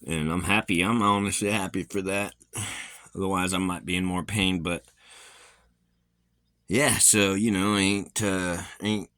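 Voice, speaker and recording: Man with slurred, halting speech. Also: low-pitched, steady tone, a bit bright, dry recording. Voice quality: sounds like false teeth. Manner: halting, many fillers and restarts. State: slightly slurred speech from a facial injury. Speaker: vlogger. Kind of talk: rambling casual vlog.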